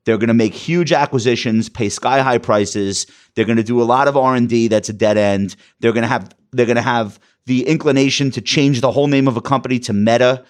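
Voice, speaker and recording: A man's voice: medium pitch, fairly even intonation, brisk, hardly any pauses. Blunt, wisecracking male financial advisor. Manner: blunt, candid, wry humor, swears. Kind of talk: casual podcast discussion.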